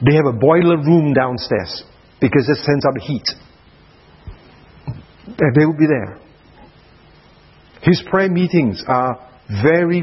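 Slow husky male preacher. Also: on the high side, highs cut off. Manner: dramatic, drops to soft hushed passages. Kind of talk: sermon at a prayer retreat.

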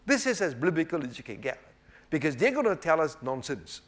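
Preaching a sermon, this man is emphatic and rhetorical, constantly checking in with his listeners by asking "right?" and saying "obviously." His voice is fairly high and sing-song, a bit bright, and he talks a little fast.

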